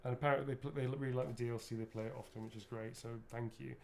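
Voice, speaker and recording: A man in mid pitch talks loosely and rambles while he signs items, dropping casual swears. His speech is informal and unscripted, with a faint hiss of room noise underneath. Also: level tone, racing, creaky. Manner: rambling, chatty, swears freely. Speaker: actor signing autographs. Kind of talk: casual livestream chat.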